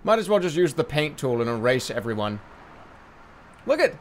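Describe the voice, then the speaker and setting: A man's voice: medium pitch, sing-song, moderate pace. A man giving sarcastic, exasperated let's play commentary, swearing and laughing at a glitchy game. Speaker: gaming commentator.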